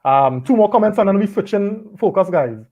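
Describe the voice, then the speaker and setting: High-voiced man hosting football chat. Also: brisk. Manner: relaxed, repeats words while gathering thoughts. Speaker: podcast host. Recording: dull lo-fi audio.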